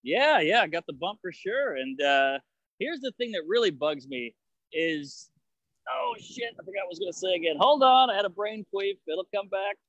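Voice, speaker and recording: A man, a comedian guest on a video-call podcast, riffing in a rapid, profane way and mocking people in quoted voices. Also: sits high, very animated, a bit bright, dry recording, muffled recording. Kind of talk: casual podcast chat.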